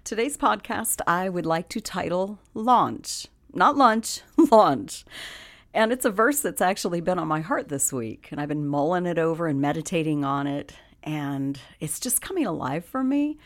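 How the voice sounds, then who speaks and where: A woman's voice: fairly low pitch, expressive, moderate pace, hardly any pauses. A woman hosting a devotional podcast, earnest and encouraging, with frequent laughs. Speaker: podcast host giving a devotional.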